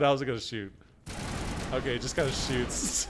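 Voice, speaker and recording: A man streaming a video game live, laughing hard and reacting with excited, profane commentary. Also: mid-range voice, moderate pace, long pauses.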